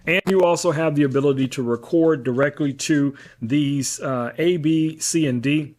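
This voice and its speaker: A man hosting a casual product demo from his studio, talking in a relaxed way with frequent fillers. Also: on the high side, normal speed, hardly any pauses. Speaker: tech reviewer host. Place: home studio.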